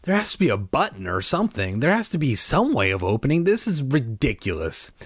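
A man's voice: medium pitch, huge pitch swings, fairly quick, breathy edge, no echo, clean studio sound. A man voicing an impatient, stubborn young girl who insists and argues. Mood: exasperated. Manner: exasperated, insistent.

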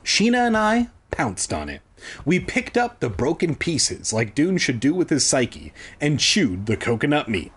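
A man's voice: on the high side, very animated, measured pace, slightly rough. A man reading a children's book aloud for comedy, with sarcastic, profane asides. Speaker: comedic reader.

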